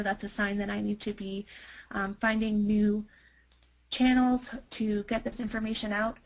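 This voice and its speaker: Chatty woman with a gravelly edge. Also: on the high side, low-quality recording. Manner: chatty, many fillers and restarts. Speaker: marketing presenter. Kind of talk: webinar product demo.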